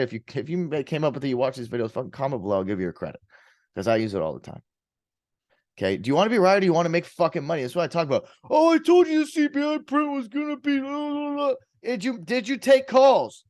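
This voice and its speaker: Male trading host, forceful profane ranter, a touch high, dry close sound. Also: no room sound. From US West Coast. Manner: profane, emphatic, ranting, repeats himself. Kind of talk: ranting market commentary.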